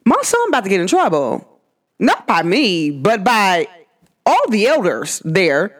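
Animated woman ranting on a podcast. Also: mid-range voice, unhurried. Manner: animated, emphatic, ranting with rhetorical questions. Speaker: podcast host. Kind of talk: casual monologue.

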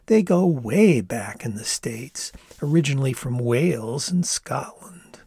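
A man voicing his eighteen-year-old self in a storybook reading, teasing in a high sing-song that drops to whispers. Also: expressive, measured pace, vocal fry, warm tone, husky, dry recording, studio quality, exaggerated voice. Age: young adult.

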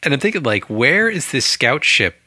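A man's voice: medium pitch, big pitch swings, moderate pace, sharp tone, no room sound. A man casually discussing a book on a podcast, rambling and chatty with frequent laughs. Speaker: book club podcast co-host.

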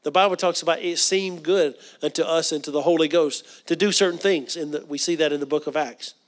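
A man's voice: a little high, steady tone, fairly quick. A middle-aged man preaching a sermon. He often repeats words and asks the congregation questions. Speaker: pastor.

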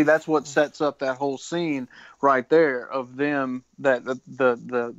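A man's voice: mid-range voice, a bit bright, slight background noise, rough recording. A man co-hosting a casual movie podcast, retelling scenes loosely with lots of swearing. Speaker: podcast co-host. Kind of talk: casual film discussion.

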